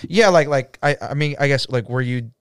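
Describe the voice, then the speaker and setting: A man at a mid pitch hosting a casual podcast interview with an easygoing, agreeable manner. He keeps the talk moving with short affirmations and rambling questions. His voice is smooth and resonant, recorded dry and close. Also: fairly quick, no room sound. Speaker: podcast host, DJ.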